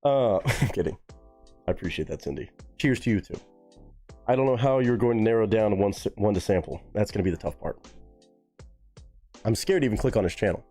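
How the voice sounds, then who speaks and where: A man's voice: fairly quick, pauses often, faint music behind. A man hosting a casual live stream, chatting with viewers and swearing freely. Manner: animated, swearing, jumps to high pitch when surprised. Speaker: livestream host reacting to music.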